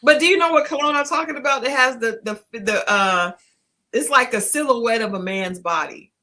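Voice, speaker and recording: A woman with a bright, forceful voice co-hosts a relaxed podcast chat. She tells her stories with lots of energy, laughs often and acts out other people's lines. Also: fairly high pitch, moderate pace. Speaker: podcast co-host. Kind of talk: casual storytelling chat.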